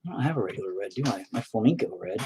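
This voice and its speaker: A man's voice: lowish voice, lively intonation, very fast, noisy background. A man chatting casually on a live stream while he paints, rambling, swearing often and joking at his own expense.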